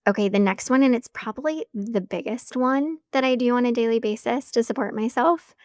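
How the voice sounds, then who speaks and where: A woman's voice: fairly high pitch, moderate pace, few pauses, dry recording, clean studio sound. A woman hosting her own podcast, talking candidly and reflectively in a casual, earnest way, often saying "like". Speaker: podcast host. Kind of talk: casual solo podcast talk.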